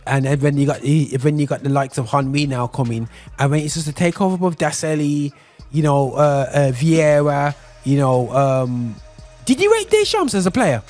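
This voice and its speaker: A man's voice: a little high, expressive, normal speed, darkish tone, faint music behind. A man hosting a casual football podcast, talking in a rambling way, repeating "bro" and restarting his sentences. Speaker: podcast host.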